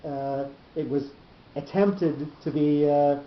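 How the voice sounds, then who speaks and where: A man teaching a Torah class, explaining slowly and often repeating words as he thinks. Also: fairly high pitch, steady tone. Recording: dull echoey room recording.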